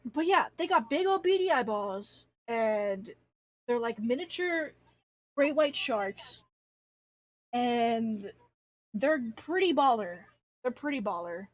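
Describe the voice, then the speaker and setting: A woman's voice: a little high, lively intonation, slow, long pauses, no echo, muffled recording. A young woman from Alaska rambling casually on a livestream, slangy, self-deprecating and swearing freely, speaking at home at her computer. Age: young adult. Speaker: streamer. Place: home room.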